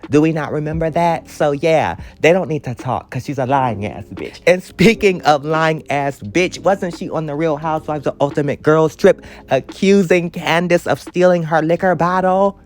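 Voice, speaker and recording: A man's voice: on the high side, normal speed, hardly any pauses. A man hosting a casual reality TV recap, sassy and profane, laughing at himself and a bit out of breath. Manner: sassy, scattered, cusses freely, laughs often.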